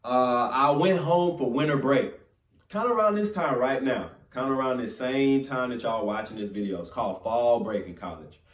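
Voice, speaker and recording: A young man from Florida telling a motivational story in an animated, casual, conversational way. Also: medium pitch, normal speed. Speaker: motivational speaker. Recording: roomy sound from a distant mic.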